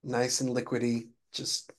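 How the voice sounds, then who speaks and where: A man co-hosting a casual gaming podcast, easygoing and quietly enthusiastic. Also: mid-range voice, completely flat delivery, unhurried. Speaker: podcast co-host.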